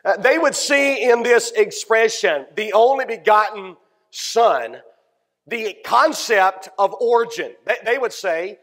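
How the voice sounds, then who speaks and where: High-voiced preaching pastor, stammering restarts. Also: male voice, expressive, slow, fairly bright tone, in a large hall. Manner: earnest preaching with frequent stammered restarts and light chuckles. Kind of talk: sermon. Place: church sanctuary.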